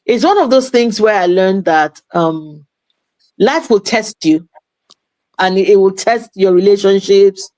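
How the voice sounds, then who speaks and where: A woman's voice: mid-range voice, a little slow, dry recording, poor audio. Woman telling a story with animation. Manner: animated storyteller mixing English with Yoruba phrases. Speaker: interview guest, playwright and promoter. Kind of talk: casual storytelling interview.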